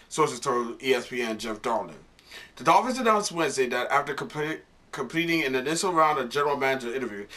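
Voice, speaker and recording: A man giving casual, halting commentary with sarcastic asides and reading an article aloud. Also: mid-range voice, sharp tone. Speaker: vlogger.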